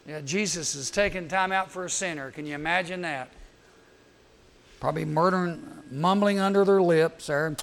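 Animated high-voiced man preaching. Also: vocal fry. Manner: animated, acts out quick voices, teasing asides. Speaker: youth camp speaker. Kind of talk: humorous sermon.

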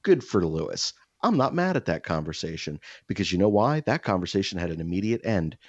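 A young adult man co-hosting a podcast, telling a profane, animated story with mimicked voices in casual chat. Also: low-pitched, brisk, dry recording, lo-fi sound. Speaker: podcast co-host.

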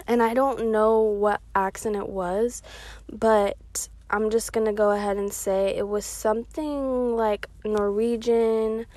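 A woman sharing a prophetic word on her podcast, speaking earnestly with many pauses and ums. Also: a little high, steady tone, a little mellow, no echo. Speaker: podcast minister. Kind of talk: prophetic devotional talk.

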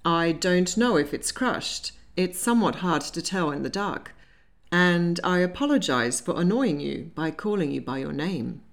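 A wry, teasing young gentleman, read by a woman in a Regency storybook, calm and quietly amused. His low-key delivery carries a lively lilt. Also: measured pace, creaky.

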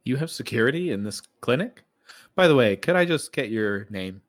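A man's voice: medium pitch, expressive, moderate pace, no echo. A man in a tabletop game speaking politely and chattily in character. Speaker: player.

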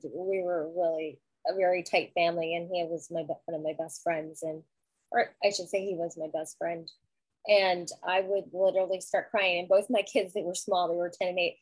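A woman's voice: on the low side, no echo, low-quality recording. A middle-aged woman talking earnestly and reflectively in a casual conversation, with frequent restarts. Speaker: guest sharing grief experience.

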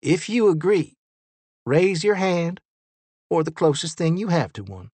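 A man's voice: fairly high pitch, sing-song, a little mellow, breathy edge, no room sound, pitched above the performer's own voice, full character voice. A man voicing Miss Ellie, a stern, formal woman who presides over a vote, in a storybook reading. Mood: cold. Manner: formal, cold, measured. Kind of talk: storybook character voice.

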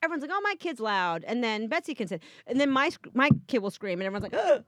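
A woman in her thirties tells funny stories about home life with a lively, swooping voice set a little high. She acts out what others say and pokes fun at herself. The recording is close and dry. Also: fast talker, no echo. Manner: animated, acts out quotes, self-deprecating. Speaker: guest, mother. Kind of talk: casual comedic storytelling.

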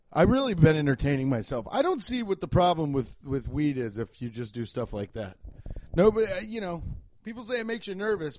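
Rambling, swearing podcast host. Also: male voice, a little high, darkish tone. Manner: rambling, self-interrupting, swears freely. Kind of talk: casual chat.

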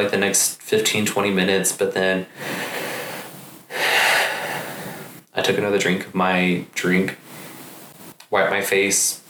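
A man in his twenties telling a personal story in a halting, emotional way, full of restarts and fillers. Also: deep voice, pushed and bright. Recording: roomy echo, faint background hum.

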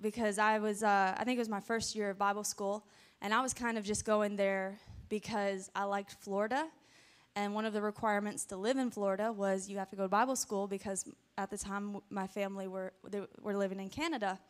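A woman from the South, preaching to a church congregation in a chatty, animated storytelling way with many asides, speaking into a handheld microphone. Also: mid-range voice, fairly quick, clean tone. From American South. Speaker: guest preacher. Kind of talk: storytelling sermon. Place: church sanctuary before a congregation.

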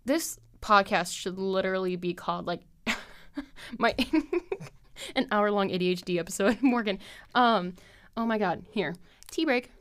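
In an unhurried, mid-range voice that pauses often, a podcast host in her twenties chats casually. She's scattered and talkative, with lots of filler words and plenty of laughs.

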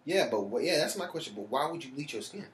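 A co-host in a relaxed, animated chat, telling stories and laughing often. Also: medium pitch, fast. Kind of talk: casual chat. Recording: roomy echo.

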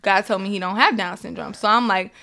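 Young woman guest, bright voice, lively storyteller who acts out every quote, as a mother recounting a hard time. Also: medium pitch, brisk. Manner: animated, acts out quoted dialogue, laughs often. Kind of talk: emotional personal storytelling.

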